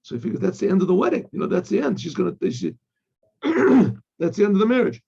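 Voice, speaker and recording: A man, a rabbi, telling a story in a lesson, animated and repeating himself, acting out the people in it. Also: high-pitched, brisk, gravelly, husky. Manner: animated storyteller, acts out quoted voices, repeats words. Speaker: rabbi teaching. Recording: dull lo-fi recording.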